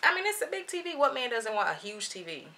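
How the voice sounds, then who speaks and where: A woman vlogger telling a shopping story in a lively, slangy, animated way. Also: a little high, fast talker. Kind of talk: storytime vlog.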